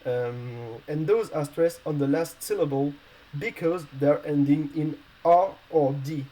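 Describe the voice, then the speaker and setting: A man teaching a language lesson in English that is not his first language, explaining slowly with many fillers and restarts. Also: fairly high pitch, dark tone, low-quality recording.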